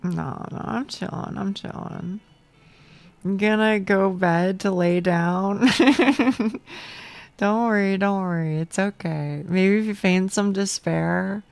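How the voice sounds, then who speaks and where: A woman's voice: medium pitch, takes it slowly, creaky, darkish tone, no echo. A young woman streaming a game from home on a close mic, chatting casually with chat, self-deprecating, stammering and swearing.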